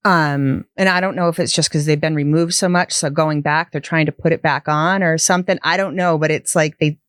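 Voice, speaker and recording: A woman chatting as a podcast guest, her voice pitched a little low for a woman. She is blunt and quick, dropping asides and short laughs. The recording is close and dry. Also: fairly even intonation, clean tone, dry recording. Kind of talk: casual studio conversation. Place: podcast studio.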